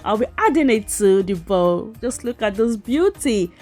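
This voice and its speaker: A woman's voice: medium pitch, expressive, normal speed, darkish tone, soft background music. A woman cooking vlogger chatting playfully to her viewers, teasing and giggling as she talks them through a recipe. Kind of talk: voice-over cooking demo.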